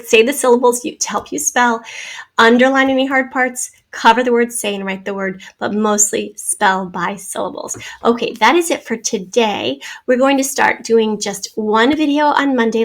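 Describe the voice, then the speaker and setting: A woman teacher with a somewhat high, gravelly voice, walking children through a spelling lesson. She talks patiently and sounds out each syllable slowly and clearly.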